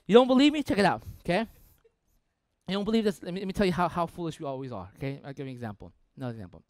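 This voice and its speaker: Animated young male pastor, dry sound. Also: a little high, fast, no echo. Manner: lively, animated, acts out quoted voices. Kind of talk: sermon.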